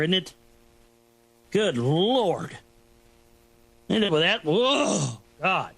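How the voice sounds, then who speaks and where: Bright-voiced sarcastic male talk host. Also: on the high side. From Texas. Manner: sarcastic, mocking, rambling. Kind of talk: rambling solo commentary.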